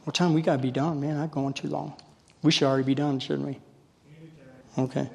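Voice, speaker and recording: A man preaches with folksy, storytelling warmth, pushing his congregation to answer back. His voice sits a touch high and rings out in a long, reverberant hall. He swells into shouting bursts when the spirit moves him. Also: flat delivery, a little fast, vocal fry. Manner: gets loud when fired up. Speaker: lay preacher. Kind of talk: sermon.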